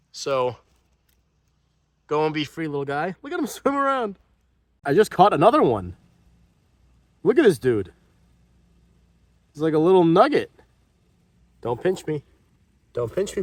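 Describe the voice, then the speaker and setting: A man hosting a fishkeeping vlog, chatting casually and excitedly to his viewers with rambling asides. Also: fairly high pitch, measured pace, pauses often, no echo. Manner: rambling with fillers. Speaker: fishkeeping channel host.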